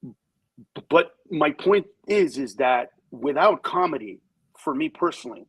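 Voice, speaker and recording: A comedian guest on a talk show, telling candid stories and acting out the people in them. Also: male voice, on the high side, measured pace, vocal fry, husky, low-quality recording. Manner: animated storyteller who acts out voices in quotes.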